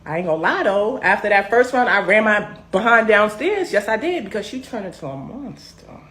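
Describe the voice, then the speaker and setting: A young woman telling a personal story in a casual, animated, sassy way. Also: mid-range voice, brisk. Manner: animated, sassy, emphatic swings.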